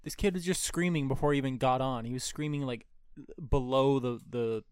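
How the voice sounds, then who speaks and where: A young man recalls his shifts running a kiddie coaster, laid-back and cursing freely. His voice is smooth and resonant, middle in pitch. It is recorded close and dry, with no room sound. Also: steady tone, a little fast, no room sound. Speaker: ride operator telling work stories. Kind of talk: casual chat.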